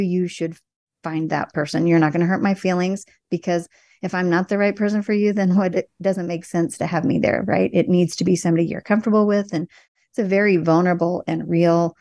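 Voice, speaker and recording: A woman's voice: fairly low pitch, no room sound, studio quality. A middle-aged woman talking earnestly and reassuringly in a casual conversation about supporting clients. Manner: earnest, reassuring, animated storytelling. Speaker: birth support worker, guest.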